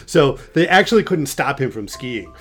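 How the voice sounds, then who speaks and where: An older man, a podcast host and grandfather, telling stories in a casual, animated way and often restarting his sentences. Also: medium pitch, moderate pace, slightly rough. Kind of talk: casual storytelling chat.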